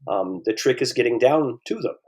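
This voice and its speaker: A man's voice: medium pitch, animated, normal speed, darkish tone. A man in his fifties from the eastern United States, a paleontologist chatting as a podcast guest, rambling and telling stories. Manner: rambling, storytelling, frequent restarts and fillers. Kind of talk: casual interview conversation.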